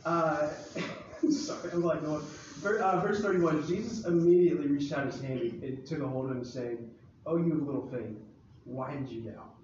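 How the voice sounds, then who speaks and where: High-voiced joking pastor, echoey hall. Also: male voice, moderate pace, darkish tone, a little hiss or hum. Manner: joking, conversational, acts out Bible scenes. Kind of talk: casual sermon. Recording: far-off echoey hall, dull sound.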